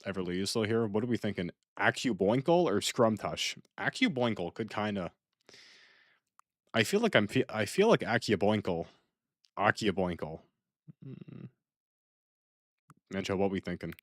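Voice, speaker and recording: A man's voice: fairly low pitch, lively intonation, normal speed, pauses often, no room sound, clean studio sound. A man chatting casually while streaming a game, rambling and playful, often repeating himself as he thinks aloud. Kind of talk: casual gaming stream commentary.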